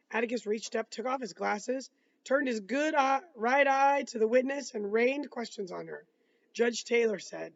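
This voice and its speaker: A man's voice: very high voice, normal speed, creaky, muffled recording, a little hiss or hum. A man reading a novel aloud, breaking off for casual asides and restarting words. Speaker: reader.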